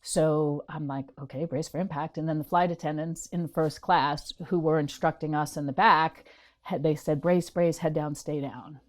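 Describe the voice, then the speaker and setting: Low-voiced woman telling a vivid story. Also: moderate pace. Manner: animated storyteller acting out quotes. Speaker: guest. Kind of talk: interview storytelling.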